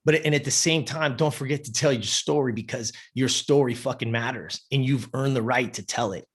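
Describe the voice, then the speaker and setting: A man's voice: mid-range voice, a little fast, fairly bright tone, husky. A man giving a blunt, profane motivational talk as a podcast guest. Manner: blunt, intense, swears often.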